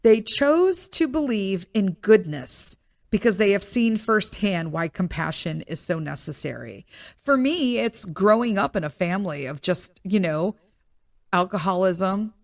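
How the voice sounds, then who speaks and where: A woman's voice: medium pitch, no room sound, studio quality. A woman podcast host in her thirties telling a personal story in a candid, emotional monologue, often near tears. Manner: emotional, tearful storytelling with frequent fillers. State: crying.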